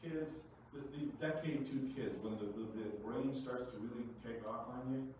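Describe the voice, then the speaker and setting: A man giving a lively, conversational presentation to a room of parents, with big swings in loudness. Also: medium pitch, moderate pace, a little hiss or hum. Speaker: workshop presenter. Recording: echoey room from far off.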